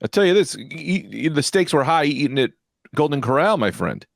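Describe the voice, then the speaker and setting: A young man co-hosts a comedy podcast, telling stories with gusto in casual chat and acting out the people he quotes. His voice is on the high side with vocal fry, at a moderate pace, with no room sound.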